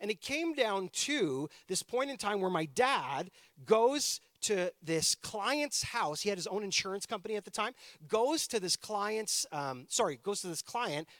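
A man in his thirties from Canada, a pastor telling a personal story in a chatty, animated sermon style. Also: high voice, no echo, clean studio sound.

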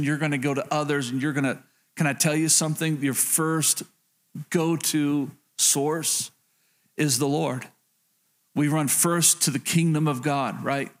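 A pastor delivers a sermon to his congregation in a voice that sits a little high for a man and sounds a bit bright. He addresses them directly and earnestly, often pausing to ask "can I tell you something" and circling back to the same phrases.

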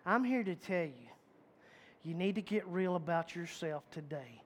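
A man's voice: high voice, lively intonation, moderate pace. A male preacher giving a conversational sermon, folksy and emphatic, repeating phrases and restarting sentences as he talks.

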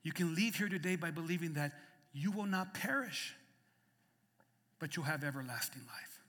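A man pastor preaching a sermon with passion, swinging between loud emphatic peaks and quiet intimate passages. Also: on the high side, animated, moderate pace. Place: church sanctuary. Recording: long reverb of a church hall.

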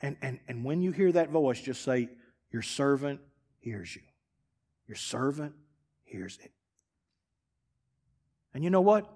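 A man preaching a sermon as pastor, swinging from loud emphatic lines to hushed, dropped phrases. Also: medium pitch, animated, takes it slowly, long pauses, big-room sound.

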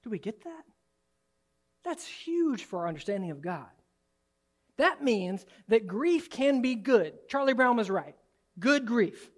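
A man preaching a sermon as pastor in a church, swinging from soft, low asides to loud, high exclamations. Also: expressive, normal speed. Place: church sanctuary.

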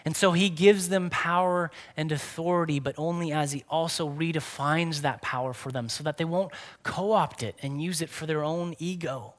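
Male pastor, fairly high voice, earnest preaching delivery that slows for emphasis. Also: fairly bright tone. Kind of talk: sermon.

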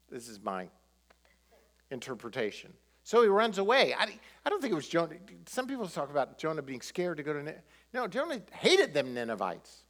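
A male pastor preaching a sermon, animated, throwing rhetorical questions at the congregation. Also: fairly high pitch, a little fast, big-room sound.

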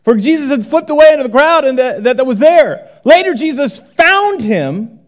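A pastor with a very high voice preaches at a normal speed. His sermon feels conversational and lively, moving from loud outbursts to whispered side remarks.

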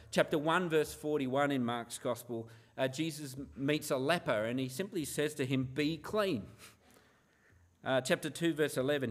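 A man, a pastor, preaching a sermon in an earnest manner, often asking the listeners rhetorical questions. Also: mid-range voice.

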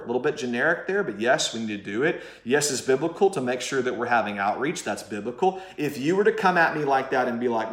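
A man's voice: medium pitch, lively intonation, quick pace, hardly any pauses, fairly bright tone, reverberant. A man preaching a sermon as pastor, conversational and emphatic, putting direct questions to his listeners.

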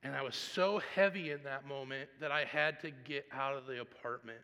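Animated preacher with a gravelly voice. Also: male voice, mid-range voice, moderate pace, long reverb tail. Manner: storytelling, swings from hushed to loud animated. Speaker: pastor. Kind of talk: sermon.

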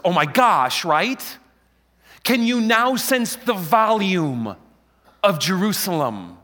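A man preaching a lively Palm Sunday sermon into a handheld mic, joking with and rallying his congregation. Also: sits high, normal speed. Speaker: pastor. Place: church hall with a live congregation. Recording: long hall reverb.

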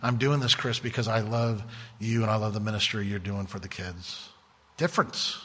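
A man's voice: lowish voice, moderate pace, fairly bright tone, husky, big-room sound. A man preaching a sermon as pastor, earnest and emphatic, often restarting his phrases.

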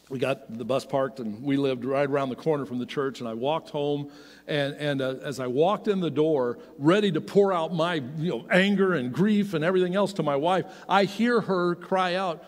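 A middle-aged man telling a personal story as a sermon, animated and swinging from loud to hushed. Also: on the high side, normal speed. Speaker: pastor. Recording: long hall reverb.

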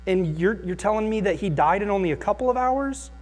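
A Bible teacher acting out a skeptical firefighter coworker who argues in a dismissive, rapid way. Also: medium pitch, lively intonation, lightly acted.

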